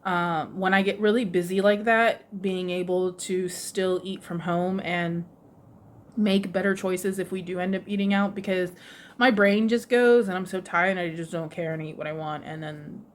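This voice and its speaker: A woman's voice: on the low side, moderate pace, slight background noise. Chatty woman vlogger, laughing storyteller. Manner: animated, laughs often, mimics others' voices. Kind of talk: casual storytelling. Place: lives in Japan, runs a shop with her husband.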